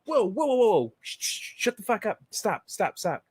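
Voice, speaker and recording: A man voicing a bossy male cop who hushes his partner in an urgent, profane way. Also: high-pitched, very animated, moderate pace, husky, no echo, pitched above the performer's own voice, exaggerated voice.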